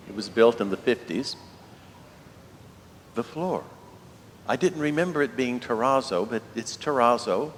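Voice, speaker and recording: Older man giving a homily in a reverberant church. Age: 70s. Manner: conversational storytelling with rhetorical questions. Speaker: priest. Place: large church. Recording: long church reverb, faint rumble.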